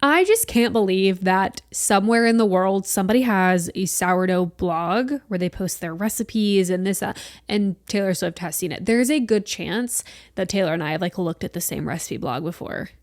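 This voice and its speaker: A woman in her late twenties hosting a solo podcast, chatting in an animated way and swearing casually. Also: medium pitch, moderate pace, no room sound, clean studio sound. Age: late 20s. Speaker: podcast host.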